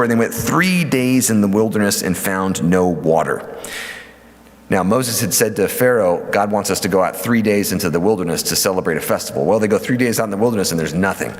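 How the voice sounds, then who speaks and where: Man, lower voice, church lecture, conversational, lots of fillers, long hall reverb. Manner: lively teaching with fillers and acted quotes. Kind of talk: lecture on scripture.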